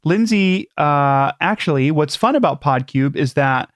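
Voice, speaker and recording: A man's voice: on the high side, lively intonation, no echo. Man co-hosting a casual podcast, dry. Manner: joking, chatty, reads plugs and numbers slowly. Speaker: podcast co-host. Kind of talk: casual chat.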